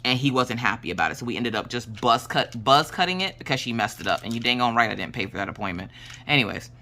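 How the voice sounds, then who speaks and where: A woman's voice: extremely low pitch, expressive, quick pace, bright, forceful tone, a little hiss or hum. A woman in her late thirties from South Carolina, with a mixed Pennsylvania and Southern accent, telling a jokey story in a casual craft-along chat. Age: late 30s. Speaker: crafting vlogger.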